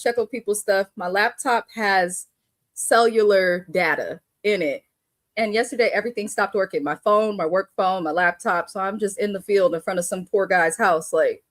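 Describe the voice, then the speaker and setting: Blunt, animated woman live-streaming. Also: mid-range voice, no room sound. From Bay Area. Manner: animated, blunt, cursing, laughing often. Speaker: live show host. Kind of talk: casual live-stream chat.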